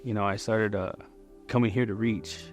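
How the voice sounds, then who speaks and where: A man's voice: fairly low pitch, fairly even intonation, normal speed, soft background music. A man in his forties giving a candid, conversational personal testimony at church. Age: 40s. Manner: candid and conversational, many fillers.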